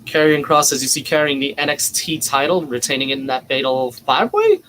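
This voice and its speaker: A man co-hosting a live wrestling watch-along, reacting emotionally and excitedly as events unfold on screen. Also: a little high, a little fast, a little hiss or hum. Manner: excitable, reacts loudly and swears; anxious, emotional live commentary.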